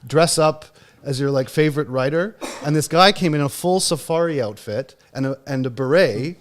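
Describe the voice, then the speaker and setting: A man's voice: on the high side, moderate pace. A man in his thirties hosting a book club livestream, rambling casually with lots of fillers. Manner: rambling, full of fillers and restarts. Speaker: book club podcast host.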